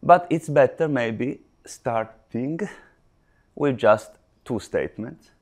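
A man giving a live lecture, explaining step by step with frequent restarts and pauses. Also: mid-range voice, darkish tone. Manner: halting, restarts mid-phrase, explains step by step.

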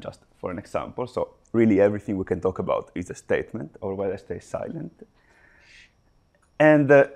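A man lectures to a room, working through his points slowly and restarting phrases as he goes. His voice sits a little low, and his delivery is halting and patient. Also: gravelly, darkish tone. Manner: halting, restarts mid-phrase, explains step by step. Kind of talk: live lecture.

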